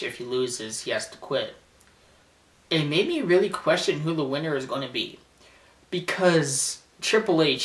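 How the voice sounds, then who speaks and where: A man chats loosely on his vlog and laughs often, circling back through his sentences. His voice is bright and a little off-mic, and a roomy echo surrounds it. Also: medium pitch, far from the mic. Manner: rambling, laughs often, many fillers and restarts. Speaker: vlogger recapping a wrestling show. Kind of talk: casual chat.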